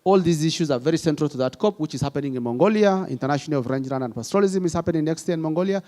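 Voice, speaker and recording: Earnest man from Kenya, fairly high voice. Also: lively intonation, very fast, warm tone. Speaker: panelist, pastoralist advocate. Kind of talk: panel discussion.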